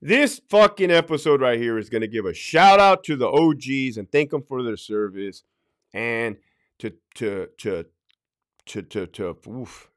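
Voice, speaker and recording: A man's voice: mid-range voice, clean tone. A middle-aged man, a former prison officer talking in a blunt, profane way on his podcast and acting out quotes. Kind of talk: casual podcast talk.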